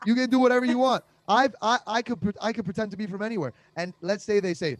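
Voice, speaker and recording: A young man doing a conversational comic monologue, deadpan and absurd, with lots of fillers, over a video call. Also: high-pitched, quick pace, few pauses, no room sound. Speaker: comedian. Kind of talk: stand-up style comic monologue.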